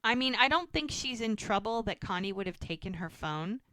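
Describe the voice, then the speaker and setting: A woman's voice: medium pitch, expressive, a little fast, sharp tone, no echo. A woman co-hosting a podcast, casually recapping episodes and acting out the characters' lines as she goes. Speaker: podcast co-host.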